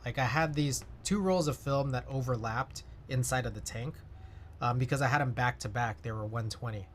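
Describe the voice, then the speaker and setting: A man's voice: medium pitch, normal speed, slight background noise. A man chatting casually on his livestream, rambling with lots of fillers and answering chat. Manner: rambling, many fillers, reads chat aloud.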